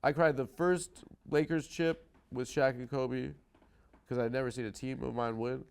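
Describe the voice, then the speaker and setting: A man's voice: medium pitch, fairly even intonation, normal speed, creaky, a little mellow, clean tone. A man hosting a comedy talk show, telling a rambling self-deprecating story and swearing freely. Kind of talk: casual comedic chat.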